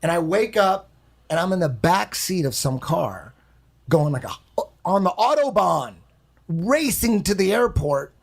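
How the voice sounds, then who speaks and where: Gravelly husky man telling a wild story. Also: high voice, sing-song, measured pace. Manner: rambling, profane, repeats himself. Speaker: podcast guest. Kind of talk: casual storytelling.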